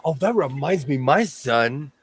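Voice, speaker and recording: Chatty man with a slightly high voice. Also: animated, a little slow, breathy edge, low-quality recording. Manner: chatty, many restarts and self-corrections. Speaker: host. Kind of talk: casual chat.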